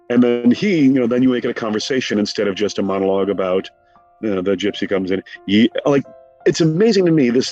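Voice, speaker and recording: A middle-aged man from the United States, a guest speaking in an animated way, with quick asides, in a conversational interview. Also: mid-range voice, highs cut off. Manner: animated, rapid asides, mock quotes. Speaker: guest, film scholar.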